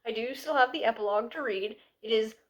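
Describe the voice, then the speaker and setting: A woman with a somewhat high voice chats through a book review vlog. She sounds tired and exasperated, with sarcastic asides and plenty of "like" fillers. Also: quick pace, dull audio. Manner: chatty with many "like" fillers. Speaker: book club host.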